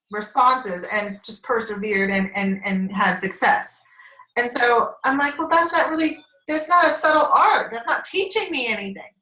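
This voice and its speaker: A team member with a fairly high, sharp-toned voice joins a group call for casual chat. Rambling and laughing often, she swears casually, and the sound comes over a conference line with room echo.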